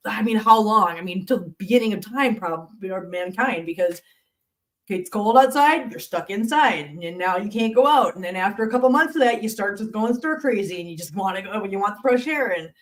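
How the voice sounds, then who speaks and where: A middle-aged woman hosting a casual cat live stream from her home studio, chatting with viewers, answering the chat and laughing often. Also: medium pitch.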